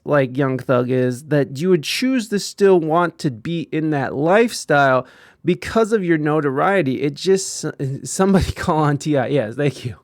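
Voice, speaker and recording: A man giving casual live-stream commentary, profane and animated, often acting out quoted voices. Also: on the high side, no room sound, studio quality.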